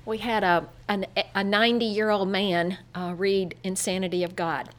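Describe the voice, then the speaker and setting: A woman's voice: mid-range voice, flat delivery, moderate pace. A woman, a missionary guest, answering an interview question sincerely with a few hesitant restarts.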